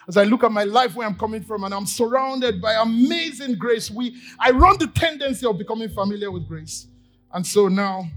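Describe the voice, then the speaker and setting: A Nigerian pastor with a high voice preaches a sermon at a church service. He acts out little scenes in quoted voices and swings from loud bursts to quiet asides.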